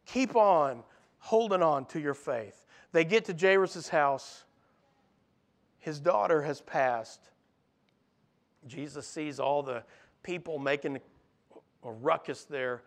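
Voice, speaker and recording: A man with a high voice delivers a sermon. He preaches with animation, acting out the voices he quotes and sinking quiet and low on key lines. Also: takes it slowly, pauses often. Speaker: pastor.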